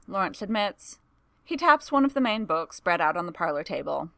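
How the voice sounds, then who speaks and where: Expressive woman reading a story. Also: fairly low pitch, moderate pace, creaky, no room sound. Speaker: narrator.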